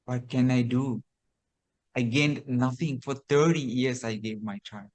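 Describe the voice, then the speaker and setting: Man narrating as a desperate old monk, halting, slow delivery. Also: medium pitch, steady tone, darkish tone, pitched below the performer's own voice, natural voice. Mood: despairing. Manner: lamenting, halting. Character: grieving elderly male monk, desperate.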